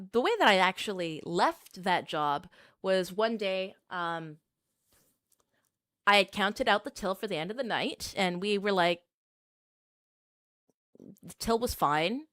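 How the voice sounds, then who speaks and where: A woman's voice: fairly low pitch, measured pace, pauses often, fairly bright tone, dry recording, clean studio sound. A young adult woman streamer telling a rambling personal story in casual chat, with plenty of filler words.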